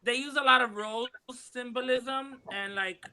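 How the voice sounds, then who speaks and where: A woman talks casually on a livestream, wandering through her thoughts with plenty of ums and likes. Her voice is bright and forward. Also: fairly high pitch, a little slow. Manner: rambling, many fillers. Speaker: panel guest.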